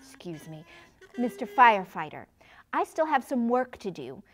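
A woman voicing a patient aunt in a puppet show, speaking gently and politely. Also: on the high side, big pitch swings, moderate pace.

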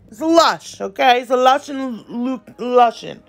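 Chatty gravelly-voiced woman vlogger. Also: fairly high pitch, lively intonation, a little slow. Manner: chatty, playful, slangy, laughs often. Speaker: nail tech vlogger. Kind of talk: casual voiceover tutorial.

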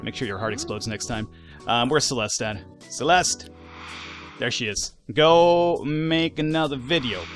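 A man giving casual, animated let's-play commentary, swearing, laughing and talking back to the game's characters. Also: medium pitch. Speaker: gaming YouTuber.

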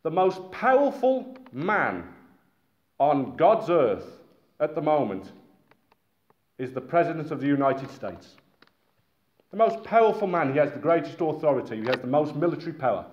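A man from Britain preaching a sermon in a lively, conversational way with asides to his listeners. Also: fairly high pitch, normal speed, pauses often. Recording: echoey, dull-sounding hall recording.

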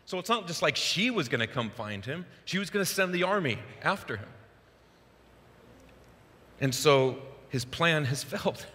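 Male pastor, animated sermon storyteller, forceful voice, long church reverb. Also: on the high side, normal speed, pauses often. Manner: animated storytelling, acts out Bible quotes. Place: church sanctuary.

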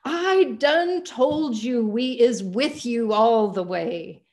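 A woman's voice: a little high, lively intonation, slow pace, darkish tone. A woman voicing a steadfast, motherly elderly woman. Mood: tender, insistent. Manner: plainspoken, reassuring, earnest.

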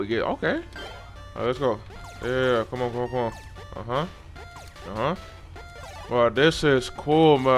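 A young man giving loose, profane, excitable commentary while playing a game. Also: medium pitch. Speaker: gamer. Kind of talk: casual gameplay commentary.

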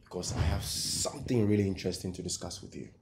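An actor with a Ghanaian accent playing a cheeky young male household worker who laughs nervously as he makes his pitch. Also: quick pace, background noise. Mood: persuasive. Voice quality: nervous laughs, pleading then persuasive.

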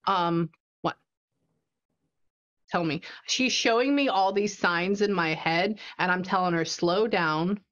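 A woman psychic medium in a casual one-on-one reading, chatty and animated as she retells what she hears. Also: lowish voice, a little slow, pauses often, lo-fi sound.

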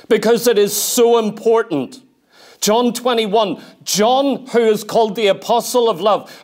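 A man preaching a sermon in church, earnest and emphatic, repeating his key points and reading scripture aloud. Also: high voice. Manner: reads scripture aloud in King James wording.

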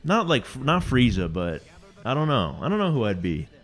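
Easygoing young man, mid-pitched. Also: big pitch swings, normal speed, faint music behind. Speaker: podcast co-host. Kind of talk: casual chat.

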